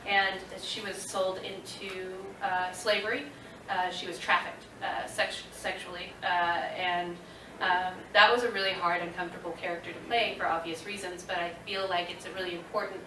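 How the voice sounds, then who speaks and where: A woman in her thirties with a slight twang, answering audience questions at a convention panel with lots of fillers and animated storytelling. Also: mid-range voice, recorded from a distance, slight background noise. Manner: chatty, many fillers, animated retelling. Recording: echoey room recorded from afar.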